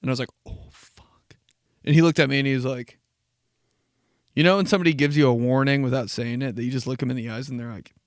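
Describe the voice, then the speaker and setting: A man's voice: mid-range voice, steady tone, fast talker, no echo, studio quality. A man hosting a casual solo podcast, telling stories in a laid-back, profane way with frequent laughs. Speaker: podcast host.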